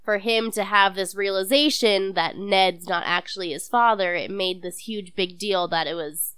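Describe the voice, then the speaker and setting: A woman's voice: mid-range voice, moderate pace, a bit bright, clean tone, no echo. A woman in a casual chat, patiently explaining the story to the others.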